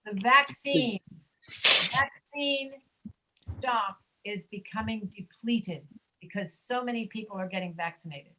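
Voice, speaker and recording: A woman teaching a pronunciation class over a video call, patiently repeating words slowly for students. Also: mid-range voice, sharp tone, poor audio. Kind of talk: online class instruction.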